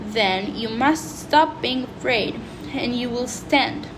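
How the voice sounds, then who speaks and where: A woman's voice: fairly high pitch, takes it slowly. A woman voicing a happy country boy who loves animals in a read-aloud story. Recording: clear background noise.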